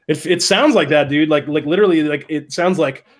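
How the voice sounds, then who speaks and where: A young man hosting a late-night livestream, rambling through his thoughts with plenty of fillers and laughter. His voice sits a little high. He talks straight into his computer mic. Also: fairly quick. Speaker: livestream host. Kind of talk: casual livestream chat. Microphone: computer mic, mutes while typing.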